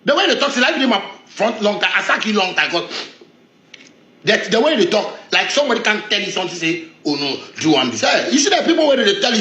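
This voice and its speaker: A man speaking Ghanaian Pidgin English lets loose a confrontational rant, his voice sitting high and swinging wildly up and down. He sounds heated and defiant, circling back on the same phrases. The sound comes from an echoey room. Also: very animated, fast, pushed and bright. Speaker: street figure in a viral video.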